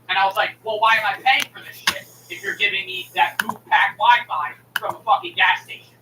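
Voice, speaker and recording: A high-voiced male streamer talks a little fast with few pauses in a casual, heated rant, swearing and acting out both sides of a phone call. The distant mic picks up noise and an echoey room.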